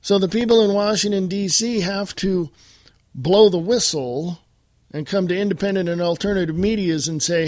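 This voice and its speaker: A man's voice: sits high, normal speed, darkish tone, no echo, studio quality. An American man hosting a political talk podcast, delivering a blunt, combative monologue straight to his listeners. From United States. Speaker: podcast host.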